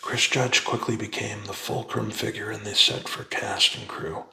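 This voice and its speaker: Gravelly whispering man reading softly. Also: fairly low pitch, fairly even intonation, reverberant, background noise. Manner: soft, unhurried whispered reading. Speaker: ASMR reader. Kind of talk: whispered ASMR book reading.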